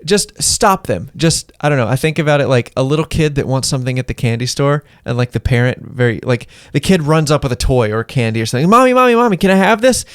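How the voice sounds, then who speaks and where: A man talks through everyday advice in an offhand, rambling way, with a middle-pitched voice and very dry, close sound. He slips into quick acted-out exchanges as he goes. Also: no echo. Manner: rambling, offhand, acts out little dialogues. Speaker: podcast co-host. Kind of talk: casual advice chat.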